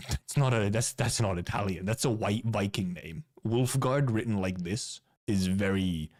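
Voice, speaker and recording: Unhurried and a little mellow, a lowish male voice belongs to a Finnish streamer from Finland. He reviews game content in casual live-stream chat, rambling and restarting words along the way.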